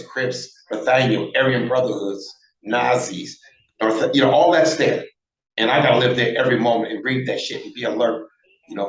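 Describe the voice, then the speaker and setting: A man in his sixties tells stories in a casual interview, blunt and profane, voicing every quoted line himself. His voice sits at a middling pitch. The recording carries a roomy echo. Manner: animated, acts out quoted dialogue, blunt and profane. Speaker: interview guest, former prisoner.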